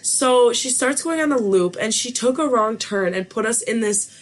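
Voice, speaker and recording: A woman's voice: a little high, moderate pace. A young woman hosting a podcast, telling family stories in a casual chat full of "like" and quoted dialogue. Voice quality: animated storyteller, lots of fillers. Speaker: podcast host.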